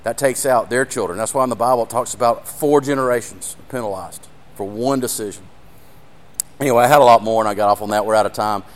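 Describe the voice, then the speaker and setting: A man's voice: on the low side, quick pace. Earnest man preaching. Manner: earnest, addresses audience directly, emotional. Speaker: ministry speaker. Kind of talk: sermon with live demonstration.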